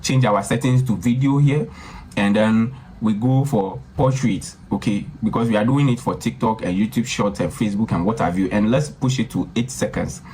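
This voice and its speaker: Man, tutorial host, lowish voice, casual repetitive talk, calls viewers guys, faint background noise. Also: normal speed, darkish tone. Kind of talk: screen-recorded software tutorial.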